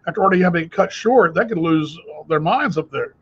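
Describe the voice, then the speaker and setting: A man's voice: on the high side, lively intonation, fast, a bit bright, slightly rough, highs cut off. A man hosting a casual video call chat, telling rambling stories full of restarts. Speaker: host.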